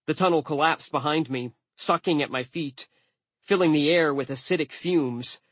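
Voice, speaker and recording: A man narrating an audiobook in the first person with a wry, deadpan delivery. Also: fairly high pitch, normal speed, no room sound.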